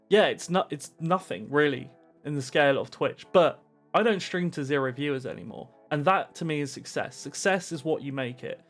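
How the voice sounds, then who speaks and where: A man's voice: a little high, fairly quick, soft background music. Upbeat man vlogging advice. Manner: animated, pumped-up presenter energy. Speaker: Twitch streamer giving advice. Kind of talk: energetic direct-to-camera advice vlog.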